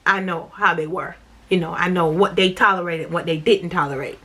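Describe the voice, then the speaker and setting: A woman's voice: fairly low pitch, steady tone, moderate pace, fairly bright tone, husky. A middle-aged woman telling her viewers a personal church testimony in an earnest way, repeating her key lines. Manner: earnest and repetitive, speaking straight to viewers. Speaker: vlogger sharing her faith journey.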